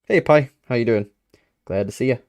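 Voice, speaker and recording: A man's voice: medium pitch, expressive, a little fast, a little mellow, no room sound. A man streaming live, chatting with his viewers and reading aloud as he goes. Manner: chatty, reads aloud, talks to chat.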